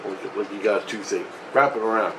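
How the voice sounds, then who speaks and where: A man's voice: lowish voice, brisk, fairly bright tone, slight background noise, rough recording. A man telling a personal story in a rambling, agitated, profane way, restarting often. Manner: profane, agitated, restless retelling with frequent restarts.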